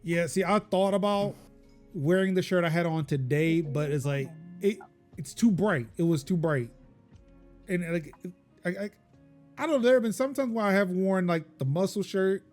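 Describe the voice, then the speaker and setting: A man's voice: high voice, normal speed, a little mellow, faint music behind. A man hosting a tech podcast in casual chat, jokey and self-deprecating. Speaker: podcast host.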